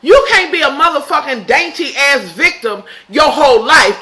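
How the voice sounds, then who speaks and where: A woman casually recapping a TV episode, swearing freely and shouting in disbelief. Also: high-pitched, expressive, normal speed, hardly any pauses. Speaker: TV episode reviewer.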